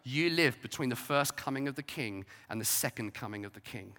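Bright-voiced preacher man in a reverberant hall. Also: medium pitch, animated, fairly quick. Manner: emphatic, rising to loud declarations and dropping to soft asides. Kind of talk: sermon.

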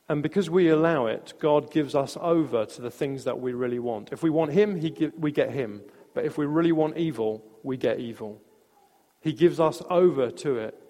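A man preaching a sermon, telling a story in a conversational way with restarts and soft laughs. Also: fairly high pitch. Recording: long reverb of a large hall.

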